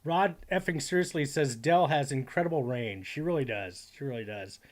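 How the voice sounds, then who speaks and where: A man's voice: mid-range voice, moderate pace. A man streaming live, reacting to clips with rambling, profane commentary and reading chat aloud.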